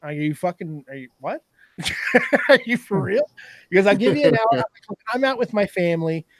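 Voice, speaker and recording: A man in casual podcast chat, telling stories in a profane, animated way. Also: high voice, moderate pace, no echo, studio quality. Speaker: podcast guest.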